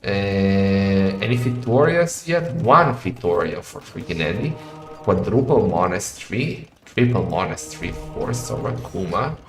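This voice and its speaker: A man casting a live strategy game match in a chatty style that rises to excited shouting in fights. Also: on the low side, unhurried. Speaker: game caster. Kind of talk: live esports commentary. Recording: roomy echo with faint music.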